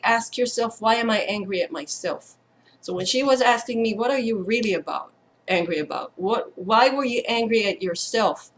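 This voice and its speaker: A woman's voice: a little high, poor audio. A woman in her thirties telling a personal story in an earnest, reflective way. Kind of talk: personal storytelling in an online circle.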